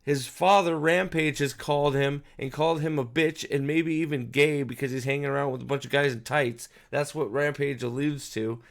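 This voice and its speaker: A man's voice: medium pitch, steady tone, moderate pace, vocal fry, few pauses. A man giving casual, profane video commentary as host, ranting in an exasperated way with frequent restarts.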